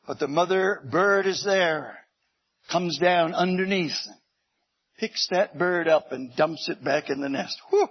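A man preaching a sermon with animated storytelling that swings into shouts. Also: high voice, measured pace, slightly rough, highs cut off.

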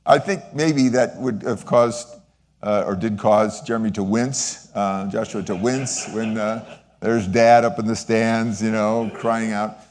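Halting, earnest older man giving a talk. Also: lowish voice, fairly even intonation, a little mellow, big-room sound. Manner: halting and earnest, with frequent pauses and restarts; sentimental, voice wavering with feeling. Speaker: lay speaker sharing a testimony. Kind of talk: sermon-style talk.

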